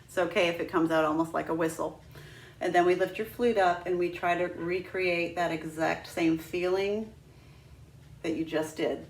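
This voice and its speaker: A woman's voice: on the low side, fairly even intonation, normal speed, echoey room. A woman teaching a flute lesson, patient and demonstrative, walking students through each step. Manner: patient, demonstrative, breaks into sung "ha ha" drills. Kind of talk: instructional lesson.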